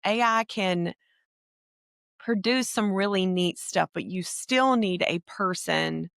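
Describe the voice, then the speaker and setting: A woman's voice: mid-range voice, slow, vocal fry, a bit bright, no room sound, clean studio sound. A middle-aged woman with a Southern American accent, a podcast guest talking frankly in casual conversation.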